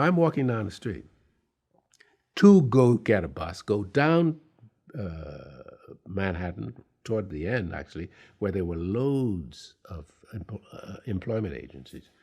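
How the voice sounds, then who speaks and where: A man telling a personal anecdote in an interview, slow and deliberate, pausing with fillers. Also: sits low, sing-song, darkish tone, breathy edge. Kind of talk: storytelling anecdote.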